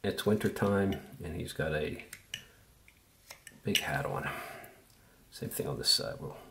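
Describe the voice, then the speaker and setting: Low-voiced man teaching a relaxed tutorial. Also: slow pace, slight background noise. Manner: relaxed, easygoing, thinks aloud while working. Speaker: woodcarving instructor. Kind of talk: casual step-by-step tutorial.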